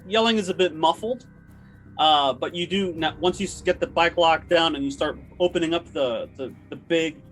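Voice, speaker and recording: Male game master, slightly high voice, hesitant fillers, faint music bed. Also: moderate pace, fairly bright tone. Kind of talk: narrating a tabletop horror game.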